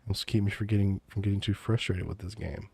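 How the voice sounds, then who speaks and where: A man murmurs in a whispered role-play, right up against a close mic. His voice sits very low and dark, mellow rather than bright. He teases in a calm, mock-menacing way. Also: fast, vocal fry, breathy edge, no room sound. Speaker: VTuber streamer.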